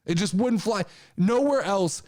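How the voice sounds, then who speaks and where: A man's voice: sits high, expressive, unhurried, darkish tone. A man hosting a wrestling podcast, ranting heatedly with profanity and repeated rhetorical questions. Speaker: podcast host. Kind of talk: opinion rant.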